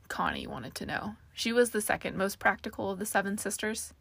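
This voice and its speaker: Woman narrating a fantasy audiobook, gravelly fry. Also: on the low side, normal speed, hardly any pauses, dry recording. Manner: steady storytelling with voiced characters.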